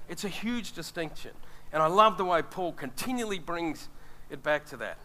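A man's voice: fairly high pitch, pushed and bright. A middle-aged man preaching a sermon, earnest and speaking straight to his congregation. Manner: earnest, addresses the congregation directly.

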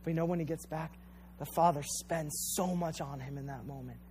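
A male preacher delivering an earnest, emphatic sermon that circles back on its phrases. His voice sits a little on the high side. A faint hum lies underneath. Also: fairly even intonation, fairly quick, darkish tone. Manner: addresses listeners directly as "you guys".

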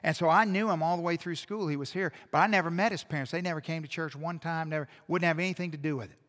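A fairly high-voiced man preaching a sermon, his storytelling sinking to near-hushed tones before climbing back to emphatic peaks. He is speaking in a church sanctuary, and a long reverb trails after each phrase. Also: fast talker. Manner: animated storytelling, dropping to a hush then building loud. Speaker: pastor.

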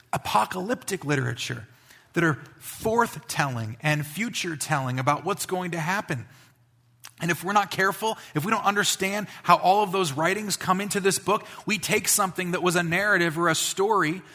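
A male pastor giving a conversational sermon, building to emphatic peaks and dropping to quiet asides. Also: high-pitched, normal speed.

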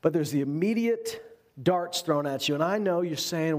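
A man who is a pastor delivering an animated sermon, mixing humor with earnest exhortation. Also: sits high, moderate pace. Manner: animated preaching with humor and acted-out voices.

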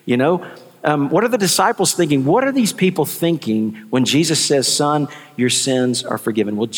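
A man preaching a sermon, repeating his key lines and acting out the people in the story. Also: medium pitch. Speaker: pastor. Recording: long hall reverb.

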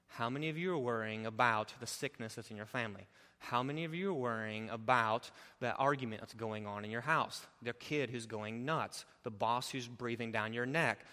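A man preaching a sermon as pastor, animated and swinging between hushed and loud. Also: mid-range voice, big-room sound.

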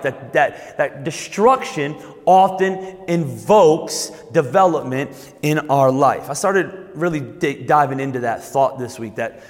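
A man preaching a sermon as pastor. He repeats and restarts words, then slows down and lifts his voice to stress key points. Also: fairly high pitch, big-room sound.

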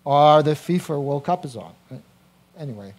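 A man preaching a sermon as a pastor, animated, swinging from quiet to loud with personal asides. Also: a little high, moderate pace.

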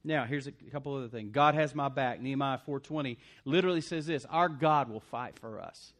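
A man preaching a sermon as pastor, swinging between loud punchy lines and quiet asides. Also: mid-range voice, fairly quick.

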